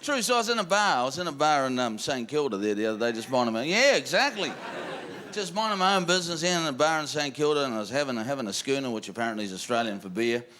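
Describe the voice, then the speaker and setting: A man's voice: mid-range voice, expressive, quick pace. A man with a New Zealand accent doing a crude stand-up routine, acting out other voices. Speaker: stand-up comedian. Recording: live stand-up with loud crowd and noise. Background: audience laughter.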